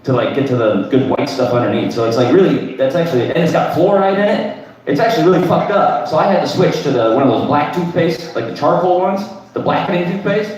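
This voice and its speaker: A man's voice: on the high side, lively intonation, fast, a little mellow. A man in his thirties doing crude, rambling open mic stand-up, tagging lines with "right?". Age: 30s. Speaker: stand-up comedian. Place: comedy club stage. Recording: echoey room from far off.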